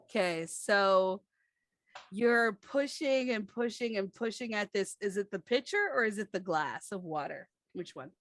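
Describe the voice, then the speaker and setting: A woman serving as game master, narrating the scene in a slow, easygoing way and stopping often for "um" and "like." Her voice is mid-pitched and close, with a dry, dead sound around it. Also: animated, a bit bright, no room sound. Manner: unhurried, chatty, full of fillers.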